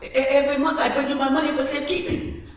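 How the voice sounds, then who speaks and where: A man's voice: high-pitched, normal speed, a bit bright. A man voicing a poor male street sweeper who stammers and pleads for his savings. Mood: desperate. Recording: echoey hall from far off, faint music.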